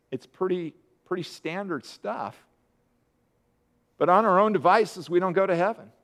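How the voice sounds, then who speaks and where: A middle-aged male preacher with a notably high voice delivers a sermon. He talks in a plain, conversational manner and leans on repeated words for emphasis.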